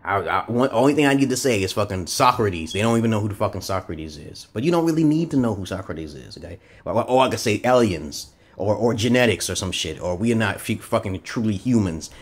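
A man vlogging a rambling, profane monologue, tagging lines with "okay?" and jumping up in pitch for emphasis. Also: brisk, few pauses. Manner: animated, jumps up in pitch for emphasis. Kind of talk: casual ranting monologue.

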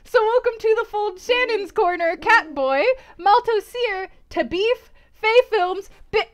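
A woman's voice: very high-pitched, expressive, unhurried. A woman livestreaming, giggling and gushing as she thanks viewers and reads out long lists of names.

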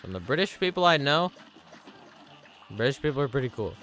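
A man streaming a game live, rambling excitedly to chat, swearing often and making fun of himself. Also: medium pitch, brisk, faint music behind. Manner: sudden yelps at the game. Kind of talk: casual live-stream chatter.

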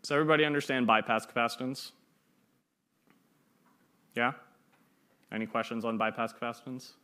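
A man's voice: mid-range voice, moderate pace, bright, forceful tone. A young man giving an informal classroom lecture, chatty and fond of playful analogies, often checking in with "right?". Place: lecture room.

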